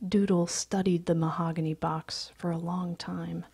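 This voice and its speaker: A woman reading a story aloud in a hushed, breathy, soft-spoken voice. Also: fairly low pitch, flat delivery, moderate pace, dry recording. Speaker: story reader.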